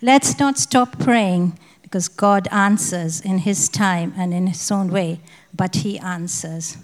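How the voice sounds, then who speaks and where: A woman's voice: fairly low pitch, takes it slowly, in a large hall, low-quality recording. A woman from India, giving a spoken personal testimony at a prayer conference and acting out the dialogue as she tells it. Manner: vivid storytelling, acting out the dialogue.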